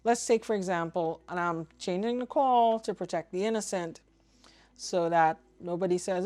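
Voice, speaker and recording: A woman from Trinidad and Tobago, a ham radio vlogger, explaining things in an opinionated, casual way and spelling out call signs slowly. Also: lowish voice, a little mellow. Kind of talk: casual explanatory talk to camera.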